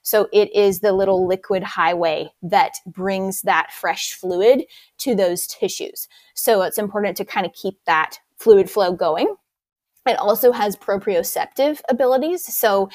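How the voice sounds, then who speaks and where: A woman's voice: medium pitch, measured pace, no room sound. A woman movement instructor explaining her method in an interview, eager and detailed.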